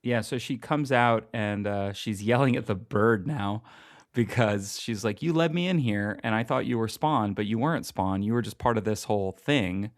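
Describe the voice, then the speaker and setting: A man's voice: lowish voice, normal speed, no echo, clean studio sound. A man co-hosting a podcast, casually recapping a comic book and chiming in with short remarks. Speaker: podcast co-host.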